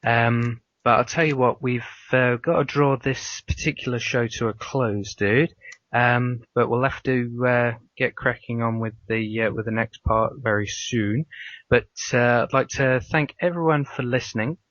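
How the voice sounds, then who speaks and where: A man's voice: medium pitch, fairly even intonation, measured pace, a bit bright, no room sound. A man hosting a podcast in casual conversation, telling stories with many hesitations and fillers. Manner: hesitant, full of uhs, anecdotal. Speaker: podcast host. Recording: dry, dull lo-fi audio.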